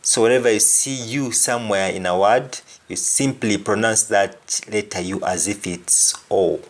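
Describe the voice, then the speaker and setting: A man giving an explanatory language lesson as a teacher, deliberate and repeating each example phrase twice. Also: lowish voice.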